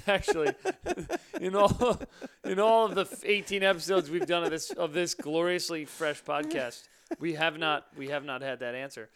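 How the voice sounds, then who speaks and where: A man's voice: on the high side, fairly even intonation, fairly bright tone, clean tone. A man hosting a podcast, chatting casually and enthusiastically with his guest. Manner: enthusiastic, chatty, quick affirmations. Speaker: podcast host.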